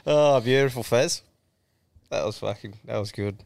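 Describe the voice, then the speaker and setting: A man's voice: mid-range voice, gravelly, dry recording. A male podcast co-host chatting in casual, sweary banter and laughing often.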